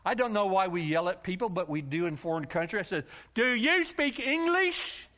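A man from the United States preaching a story-filled sermon, acting out voices and yelling for comic effect. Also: sits high, quick pace. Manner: animated, acts out voices and yells for comic effect. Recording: dull lo-fi sound.

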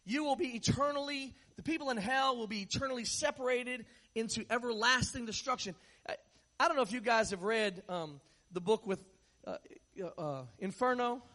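Preaching at a moderate pace, this man has a sharp tone and a voice unusually high for a man. He addresses his listeners casually and tucks joking stories into the sermon.

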